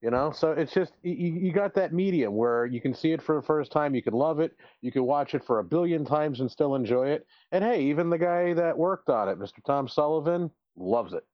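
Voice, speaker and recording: A man's voice: fairly high pitch, lively intonation, a little fast, few pauses, dry recording. Enthusiastic man, slightly dull sound. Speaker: podcast co-host. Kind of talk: casual chat.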